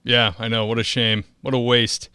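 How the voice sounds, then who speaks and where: A man's voice: mid-range voice, little pitch movement, normal speed, bright, forceful tone, clear, resonant tone, no room sound. A man hosting a casual interview, laughing easily and reacting to his guest. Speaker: podcast host.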